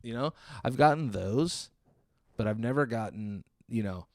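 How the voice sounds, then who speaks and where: A man's voice: mid-range voice, lively intonation, unhurried, no echo, studio quality. Exasperated man telling a story. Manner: exasperated, sarcastic retelling with acted-out quotes. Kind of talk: stand-up storytelling.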